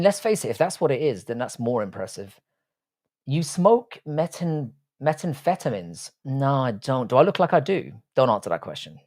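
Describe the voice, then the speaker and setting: A man's voice: medium pitch, a little mellow. Sweary young man with a London accent. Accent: London English. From Ireland, raised in London. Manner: blunt, sweary, sardonic. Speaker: livestream host reading chat. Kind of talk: casual live-stream chat.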